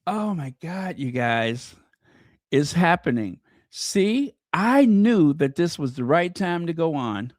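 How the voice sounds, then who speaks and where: Excitable gushing man, slow and dry. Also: fairly high pitch, dry recording. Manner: excitable, gushing, talks to viewers. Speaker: channel host. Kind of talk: live stream chat.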